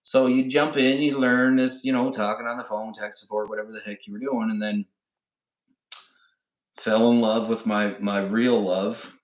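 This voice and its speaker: A middle-aged man with a slightly low voice tells a loose, conversational story as a podcast co-host. He keeps tossing in "right?" and "you know" as he goes, and the recording has a noticeable roomy echo. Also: little pitch movement, moderate pace. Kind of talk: casual storytelling chat.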